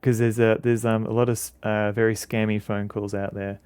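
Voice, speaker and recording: A man with an Australian accent streaming a game, chatting casually in a halting, rambling way with many fillers. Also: fairly low pitch, little pitch movement, a little mellow, smooth, no echo. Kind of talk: casual commentary while playing a game.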